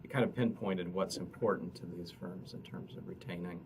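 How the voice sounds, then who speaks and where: A man, an economist, explaining survey results at a press conference in a halting way, often repeating words. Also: low-pitched, fairly even intonation. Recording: distant mic with noticeable noise.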